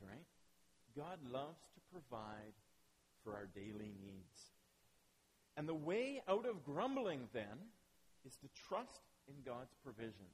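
A man's voice: medium pitch, a little mellow, slight background noise, poor audio. A man preaching a sermon, earnest and emphatic, often asking rhetorical questions. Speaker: pastor.

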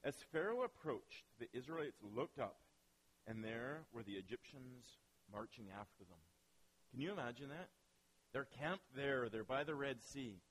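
A man preaching a sermon as pastor, telling stories with lively asides and acting out quoted voices. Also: mid-range voice, normal speed, slightly rough, rough recording.

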